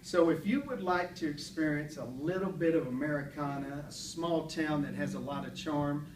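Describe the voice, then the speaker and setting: A man's voice: a little high, normal speed. A man giving a prepared club speech, with folksy storytelling and light self-deprecating humor. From Paris, Texas. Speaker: club speaker. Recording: echoey room, mic far off, faint hum.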